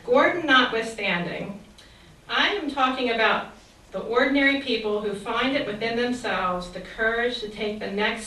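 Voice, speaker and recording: A woman's voice: medium pitch, fairly bright tone, slight background noise. Woman, earnest sermon-style reflection, rhetorical questions, heavy room echo, distant mic. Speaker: speaker giving a faith reflection. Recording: very echoey, distant mic with faint ambience.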